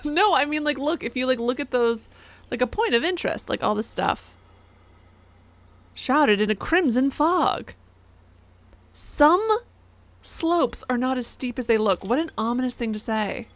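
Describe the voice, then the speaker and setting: A woman's voice: a little high, animated, fairly quick, no room sound. A young woman streamer giving casual, exasperated commentary while playing a game, chatting with her audience. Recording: noticeable background noise.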